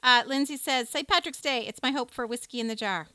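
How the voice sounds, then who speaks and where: A cheerful woman co-hosting a live stream, greeting viewers one after another. Her voice is bright and crisp and sits a little high. It is recorded close, with a dry sound and almost no room. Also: brisk, no room sound. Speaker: co-host of a live music stream. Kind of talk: casual live-stream chat.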